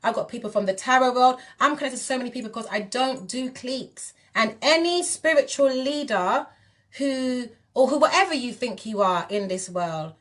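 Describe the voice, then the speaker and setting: A woman's voice: high-pitched, moderate pace, a bit bright. A woman in her forties from England, with a British accent that slips into Jamaican patois, delivering an impassioned, defiant rant on a livestream with emphatic repetition. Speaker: singer speaking on a livestream. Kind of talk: impassioned live video rant.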